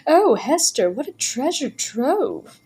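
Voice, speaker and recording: A woman's voice: mid-range voice, slow pace, darkish tone, breathy edge, rough recording. A woman doing a gushing, breathless doll collector. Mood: thrilled.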